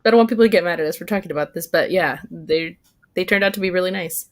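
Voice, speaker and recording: A woman's voice: lowish voice, fast talker. Woman co-hosting a casual livestream. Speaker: livestream co-host.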